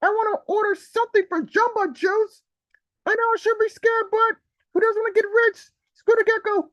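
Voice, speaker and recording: A man performing comic poetry as a panicky male bystander, with shrill, frantic exclamations over a video call. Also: no room sound, muffled recording. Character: panicky adult male bystander watching monster chaos. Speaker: open mic poet.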